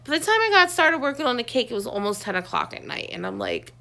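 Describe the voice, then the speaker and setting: A woman's voice: a little high, big pitch swings, fast, creaky, pushed and bright. A woman in her thirties chatting casually and venting, recorded at home in a dim room. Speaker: vlogger. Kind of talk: casual chat.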